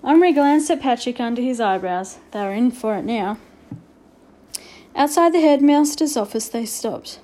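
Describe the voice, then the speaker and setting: A woman narrating a children's storybook aloud in an expressive, measured way. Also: fairly high pitch. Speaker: audiobook reader.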